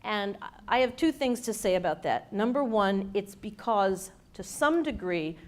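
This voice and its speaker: A woman speaker and coach giving an animated, emphatic talk with wry humor to a studio audience. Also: mid-range voice. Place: event space with a studio audience.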